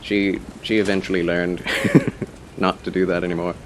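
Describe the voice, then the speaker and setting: A man streaming a game live, chatting casually and politely with his viewers, with quick laughs and muttered asides. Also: low voice, little pitch movement, slight background noise. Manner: chatty, answers chat, playful and polite.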